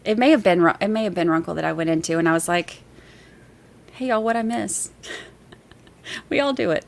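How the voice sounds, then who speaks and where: A woman's voice: on the low side, animated, brisk, creaky. A woman hosting a casual livestream, reading viewer messages aloud and chatting in a rambling, easygoing way with easy laughs.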